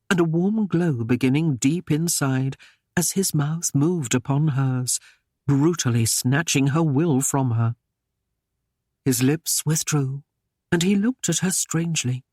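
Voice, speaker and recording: A man narrating a historical romance audiobook in a measured, even storytelling manner. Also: on the high side, no echo, clean studio sound. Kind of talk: scripted narration.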